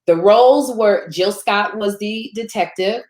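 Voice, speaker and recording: Animated chatty woman, echoey room. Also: a little slow. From Chicago. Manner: animated, laughs often, acts out quotes in higher voice. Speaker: guest. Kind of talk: casual storytelling chat. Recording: roomy echo.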